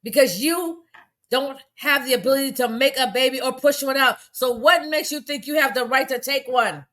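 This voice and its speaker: A woman's voice: high voice, normal speed, fairly bright tone. A woman delivering an angry, profane rant on a livestream, firing off rhetorical questions. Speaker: commentator. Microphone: phone.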